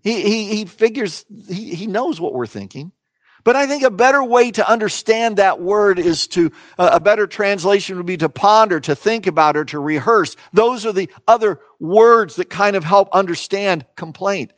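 A man preaching a sermon in an earnest, emphatic way, slowing into dramatic pauses on key phrases. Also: sits high, expressive, fairly bright tone, no echo. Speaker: pastor.

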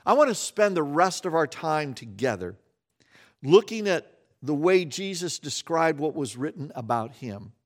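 A male pastor delivering a sermon with a slightly high-pitched voice. He tells the story with animation, acting out its scenes and then falling quiet. The delivery is conversational and expressive. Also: measured pace.

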